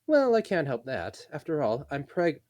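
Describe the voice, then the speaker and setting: A man's voice: on the high side, huge pitch swings, moderate pace, darkish tone, dry recording, studio quality, pitched above the performer's own voice. A man voicing a chatty, flirtatious elf woman who talks in a sing-song voice.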